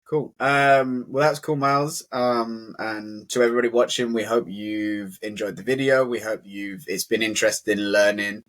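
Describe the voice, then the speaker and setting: A young man talks through an English lesson in a loose, friendly way. His voice sits on the low side, and he keeps filling his sentences with "like". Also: fairly even intonation, normal speed, few pauses, fairly bright tone. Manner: chatty, fills speech with "like". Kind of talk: casual conversational teaching.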